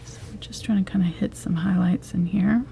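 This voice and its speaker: Woman, painting instructor, low mellow voice, gravelly edge, half-whispered, relaxed live tutorial. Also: fairly quick, a little hiss or hum. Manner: soft-spoken, often whispering, relaxed.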